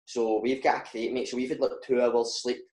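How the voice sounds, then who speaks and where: A man's voice: medium pitch, fairly quick, echoey room. Laughing Scottish man telling stories. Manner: animated, laughing, fillers like "mate" and "right". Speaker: footballer guest. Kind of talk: casual chat, storytelling.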